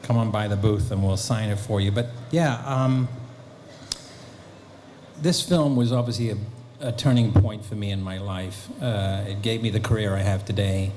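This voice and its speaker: A man, a guest actor and author, telling lively anecdotes at a convention Q&A, acting out bits of dialogue. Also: on the low side, normal speed, noisy background. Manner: animated storyteller, acting out quotes. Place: convention hall.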